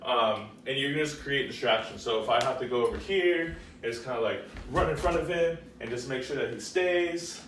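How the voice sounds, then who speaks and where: A man's voice: mid-range voice, moderate pace, hardly any pauses, fairly bright tone, distant mic, slight background noise. A man gives a casual dog training lesson. He speaks plainly and fills his explanations with ums. He is recorded from a little way off in a roomy space with faint background ambience. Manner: gives firm short commands, then chatty explanation with many ums.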